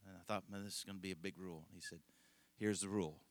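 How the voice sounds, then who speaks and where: A man's voice: low-pitched, steady tone, fast, creaky, dry recording. A middle-aged male pastor telling a rambling, folksy story in a conversational sermon, laughing often.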